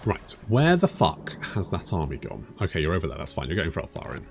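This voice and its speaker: A man's voice: very deep voice, wildly swooping pitch, fast, gravelly. A man in his thirties giving let's play commentary, chatty, swearing and muttering to himself. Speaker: gaming channel host. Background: game music.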